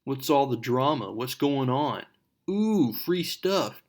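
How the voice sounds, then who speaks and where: A man's voice: mid-range voice, animated, takes it slowly, darkish tone. Man reading as a brash teenage jock. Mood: teasing. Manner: brash, teasing. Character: cocky teenage boy, school jock.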